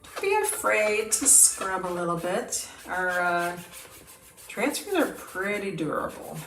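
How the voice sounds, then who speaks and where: A woman's voice: mid-range voice, sing-song, slow pace, fairly bright tone, far from the mic. A woman hosting a crafting demo, chatting enthusiastically to viewers as she works, with the hiccups. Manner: chatty, enthusiastic, talks to viewers while working. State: has the hiccups. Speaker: craft video host. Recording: roomy, off-mic, with clear background noise.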